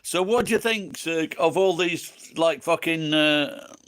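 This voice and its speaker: A man's voice: on the high side, unhurried, fairly bright tone. An English man with an English accent, tipsy and rambling, swearing constantly as he chats with viewers on a livestream. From England. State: tipsy from drinking. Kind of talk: rambling casual chat.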